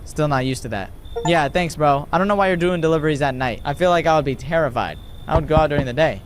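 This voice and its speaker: A young man chatting excitably while playing a game and reading its text aloud. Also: fairly high pitch, fast, slight background noise. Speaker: gamer. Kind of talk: let's play commentary.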